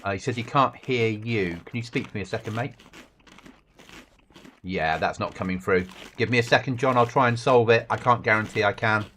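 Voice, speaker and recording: A man's voice: lowish voice, brisk, fairly bright tone, a little hiss or hum. A man chatting casually and swearing while livestreaming a survival game with friends. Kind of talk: casual gaming chat.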